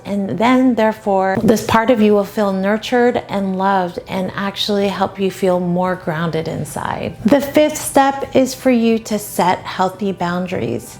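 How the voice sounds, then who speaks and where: A woman dating coach giving advice straight to the viewer in a gentle, encouraging way. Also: medium pitch. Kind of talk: advice talk to camera.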